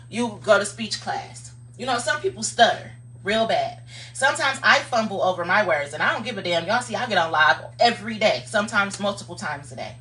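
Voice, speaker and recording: A woman's voice: medium pitch, bright, forceful tone, far from the mic, a little hiss or hum. Blunt, profane woman preaching from afar. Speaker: live streamer. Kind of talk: casual motivational monologue.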